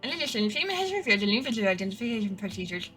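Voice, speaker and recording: A woman's voice: mid-range voice, sing-song, very fast, bright, forceful tone, faint music behind, voice pushed up, low-quality recording. A woman playing a TV news anchor reading emergency bulletins in a formal broadcast delivery. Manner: formal broadcast delivery, stumbles over words.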